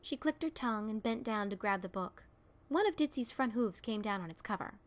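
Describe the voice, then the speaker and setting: A woman's voice: fairly high pitch, animated, a little fast. A woman narrating a fan fiction audiobook, reading expressively and voicing its characters.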